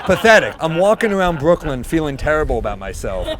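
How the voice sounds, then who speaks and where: A man, a stand-up comedian telling a long, self-deprecating story in an animated way. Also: a little high, fast talker, over a noisy crowd.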